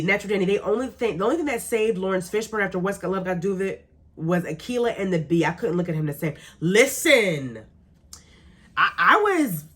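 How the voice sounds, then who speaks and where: Young woman host, very lively pitch, emphatic casual chat full of laughs. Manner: animated, laughing, emphatic repetition. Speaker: radio show host. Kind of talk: casual chat reading live comments.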